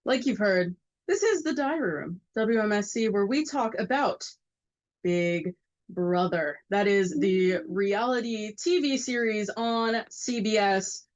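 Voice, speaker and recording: A woman's voice: medium pitch, unhurried, lo-fi sound. A young woman co-hosting a college radio show, chatting in an upbeat, playful way from the studio. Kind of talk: casual radio chat.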